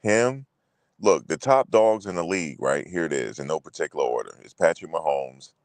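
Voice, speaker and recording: A man's voice: extremely low pitch, lively intonation, moderate pace, no echo. A man hosting a casual sports chat, loose and profane, repeating himself and talking straight to viewers. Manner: loose, profane, repetitive, talks to viewers directly. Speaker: sports show host.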